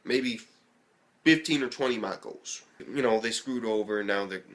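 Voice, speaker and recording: A young man casually reviewing an anime episode, excitable and rambling, swearing freely and filling his talk with "like". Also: fairly low pitch, normal speed. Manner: excitable, profane, rambling with lots of fillers.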